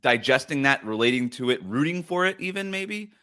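A man's voice: mid-range voice, animated, brisk, bright, forceful tone, smooth. A man hosting a casual sports podcast, chatty, reading quotes aloud with many fillers and restarts. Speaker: podcast host.

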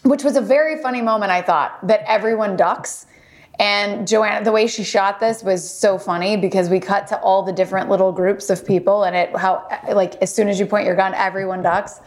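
A woman's voice: mid-range voice, steady tone, fairly quick. A woman co-hosting a podcast, chatting casually and recapping an episode with frequent laughs. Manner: bubbly, giggly, recapping. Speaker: podcast co-host. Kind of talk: casual chat.

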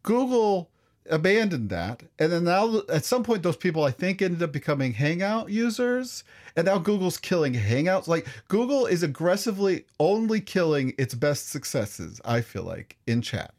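Man, podcast co-host, fairly high voice, lively swinging pitch, chatty interjections. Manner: quick interjections, reminiscing, questioning. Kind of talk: casual tech podcast chat.

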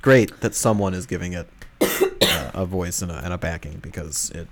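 A man's voice: sits low, normal speed, slight background noise. A man co-hosting a podcast in casual chat, rambling and hesitant with a dry manner. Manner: rambling, hesitant, many fillers and restarts, dry. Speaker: podcast co-host.

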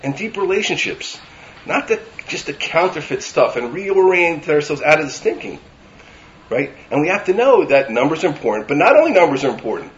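A man delivering a sermon as a rabbi, animated and building to emphatic lists. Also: a little high, fairly quick, dull audio.

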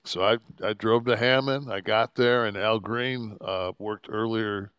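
On the low side and clean in tone, this sixty-something podcast host speaks at a measured pace in a dry recording. He rambles through a profane road story, voicing the people he met with animated quotes.

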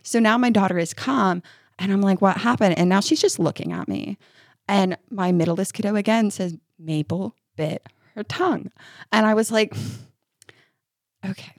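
A woman co-hosting a parenting podcast, telling stories in a lively way and laughing often. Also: mid-range voice, normal speed, dry recording, clean studio sound. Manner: animated storyteller, laughing often. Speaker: podcast co-host and mother. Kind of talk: casual chat and read ad.

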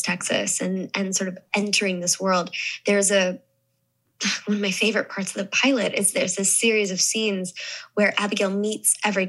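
A woman's voice: mid-range voice, a bit bright, rough recording. A young adult woman from the American South, chatting thoughtfully as an actress interviewee, with many restarts and fillers. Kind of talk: casual interview chat.

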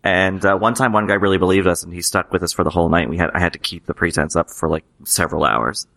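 A man's voice: deep voice, fast, vocal fry, pushed and bright. A man co-hosting a TV recap podcast, talking casually and hesitantly with many you-knows. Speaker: podcast co-host. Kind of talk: casual chat.

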